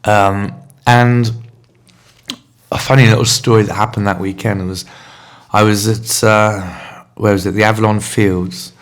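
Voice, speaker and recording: A man's voice: lowish voice, flat delivery, measured pace, long pauses. A man hosting a podcast, telling a candid, rambling personal story in a confessional monologue. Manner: rambling, candid, self-searching. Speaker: podcast host.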